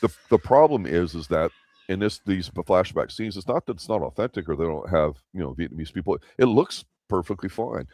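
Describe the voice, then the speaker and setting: A deep-voiced man hosts a casual review chat, talking in a rambling, opinionated way and often restarting his sentences. His voice sits very low, and the recording is dry and close. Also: lively intonation, fairly quick, darkish tone, dry recording. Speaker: host of a TV review show.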